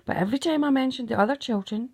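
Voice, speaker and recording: A middle-aged woman with a fairly high voice goes over old grievances with her daughter. She talks in an emphatic, accusing way and keeps pressing with "right?". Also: very fast, darkish tone, breathy edge. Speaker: mother. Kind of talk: emotional recounting monologue.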